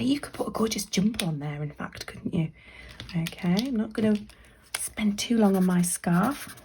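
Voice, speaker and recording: A woman leads a children's drawing tutorial in a chatty, encouraging way, often dropping into soft whispered asides. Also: mid-range voice, expressive, normal speed, slight background noise. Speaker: library staff member leading a craft activity.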